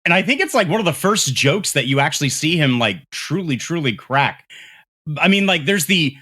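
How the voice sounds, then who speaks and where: A man's voice: fairly high pitch, animated, normal speed, bright, forceful tone, husky. A man co-hosting a movie podcast, chatting casually, often restarting sentences as he works out his point. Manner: hesitant starts, repeats words while gathering thoughts. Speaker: podcast co-host. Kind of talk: casual movie review chat.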